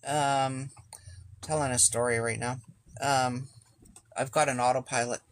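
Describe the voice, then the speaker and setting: A man's voice: mid-range voice, fairly even intonation, a little slow. A man telling a casual, rambling story as a sailing vlogger, swearing freely and acting out what people said. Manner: rambling, profane, acts out quoted speech.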